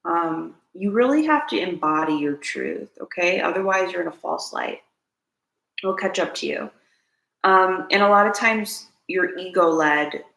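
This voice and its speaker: Female host, earnest and preachy, low gritty voice, roomy echo. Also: gravelly, fairly bright tone. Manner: earnest, preachy, repeats key lines, asks viewers to comment. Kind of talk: spiritual self-help talk to camera.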